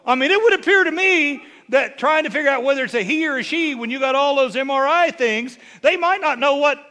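A man's voice: very high-pitched, animated, brisk, pushed and bright. A man preaching a sermon as a bishop, folksy and humorous, telling stories that build to emphatic bursts.

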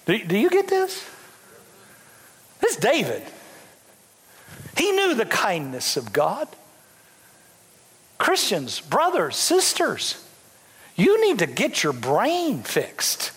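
Fervent high-voiced preaching man. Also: wildly swooping pitch, slow pace, long pauses, a bit bright. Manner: fervent, emphatic, repetitive. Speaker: bishop. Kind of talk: sermon. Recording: long hall reverb.

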